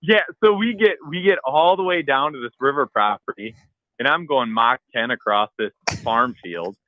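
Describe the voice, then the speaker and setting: Man, podcast co-host, casual animated storyteller, dry and slightly dull audio. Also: mid-range voice, normal speed, dry recording. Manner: animated storyteller, acts out his own shouts and texts.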